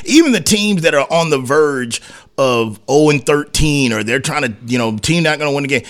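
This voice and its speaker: A man's voice: on the high side, expressive, moderate pace. A man hosting a sports talk radio show, ranting in a heated, rambling, slangy way and slipping into mocking voices. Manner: heated, rambling, slangy rants full of acted asides.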